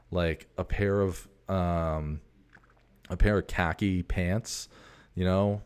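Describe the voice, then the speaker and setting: A man's voice: sits low, a little mellow. A man in his forties hosting a casual, rambling monologue, a profane storyteller who keeps drifting off on tangents. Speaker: host.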